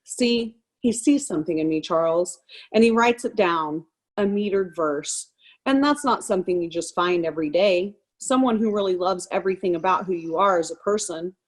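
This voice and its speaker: A wounded wife hides her pain behind jokes and sarcasm, as a woman reads her monologue cold. The voice sits fairly low. The delivery is wry and defiant. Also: normal speed, natural voice. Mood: sarcastic. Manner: sarcastic, forced laughter over pain. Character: hurt, joking wife refusing a divorce. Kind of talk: reading a stage monologue cold.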